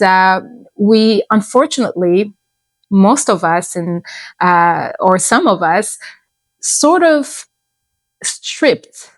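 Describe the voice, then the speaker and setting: A woman in her thirties shares lifestyle tips in a relaxed, conversational way. She often circles back and restarts a phrase. The sound is close and dry, with no room echo. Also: mid-range voice. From abroad, moved to the US at fifteen. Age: 30s. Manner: relaxed, chatty, restarts sentences. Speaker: lifestyle vlogger. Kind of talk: casual advice talk to camera.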